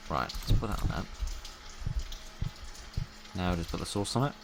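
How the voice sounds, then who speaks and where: A man's voice: low voice, lively intonation, normal speed, creaky, background noise. A man chatting wryly to himself as he plays a game, talking through each step in a casual, rambling way. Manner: wry, chatty, talks to himself while playing. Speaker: gaming YouTuber. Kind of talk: casual let's-play commentary.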